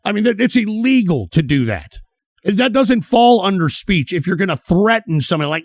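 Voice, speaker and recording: A man's voice: sits high, sing-song, normal speed, no room sound. A man streaming, reacting to clips with heated, sneering, swear-filled ranting. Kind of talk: profane ranting commentary.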